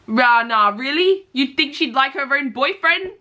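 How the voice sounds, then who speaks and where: A young woman vlogging her reading, chatty and excitable, gasping and exclaiming as she reacts. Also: high voice, a little slow, few pauses. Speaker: book vlogger. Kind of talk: casual reading vlog reactions.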